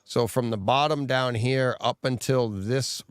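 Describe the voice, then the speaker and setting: A man's voice: medium pitch, fairly even intonation, unhurried, clean tone, no echo, studio quality. A man co-hosting a podcast in casual chat, telling rambling stories and laughing often mid-sentence. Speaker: podcast co-host.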